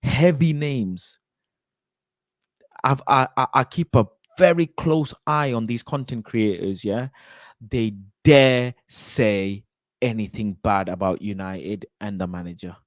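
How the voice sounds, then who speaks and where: A man in casual football chat, ranting in a slow, indignant, emphatic way. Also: medium pitch, dry recording.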